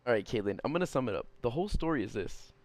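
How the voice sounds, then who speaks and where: Streamer guy, mid-pitch, rambling and exasperated, cussing through a rant. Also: very animated, very fast. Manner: exasperated, rambling, swears, laughs at what he reads. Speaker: streamer reading viewer stories. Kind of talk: casual live-stream commentary.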